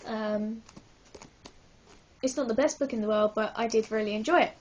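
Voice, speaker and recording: A woman's voice: on the high side, moderate pace, dull audio, slight background noise. A woman vlogging a casual book review, hyper and giggly, rambling with lots of apologetic asides.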